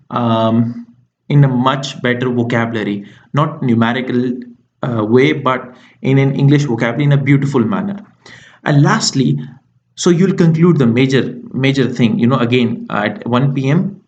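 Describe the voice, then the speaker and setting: A man's voice: mid-range voice, a little mellow, highs cut off. A man explaining exam tips as a tutor, talking through each step with frequent ums and uhs.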